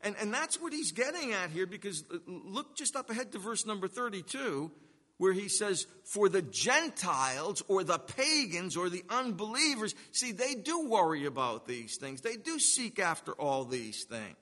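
A man preaching a sermon, earnest and emphatic, slowing down to stress key words. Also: sits high, very animated, pushed and bright. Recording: long reverb of a hall.

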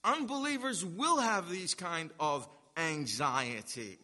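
A man preaching a sermon, earnest and emphatic, slowing down to stress key words. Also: on the high side, expressive, pushed and bright. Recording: long reverb of a hall.

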